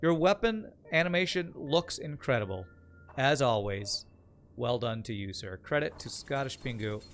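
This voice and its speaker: A man's voice: medium pitch, animated, normal speed, slight background noise. Chatty male game streamer, joking. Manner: joking, chatty, thanks viewers mid-play. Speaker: streamer playing a strategy game. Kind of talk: casual live-stream commentary.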